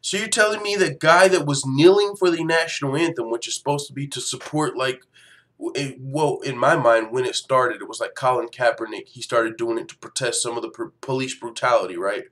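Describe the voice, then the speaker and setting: A man's voice: mid-range voice, brisk. A man hosting a fight news show, ranting casually with lots of swearing and laughter. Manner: profane, animated, laughs often. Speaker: MMA news show host. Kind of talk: casual commentary rant.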